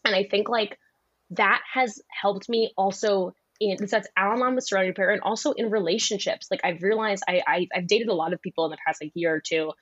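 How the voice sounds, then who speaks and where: A young woman comedian chatting on a podcast, rambling and animated, often slipping into voices. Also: mid-range voice, fairly quick, dry recording, muffled recording. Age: young adult. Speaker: comedian guest. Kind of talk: casual podcast chat.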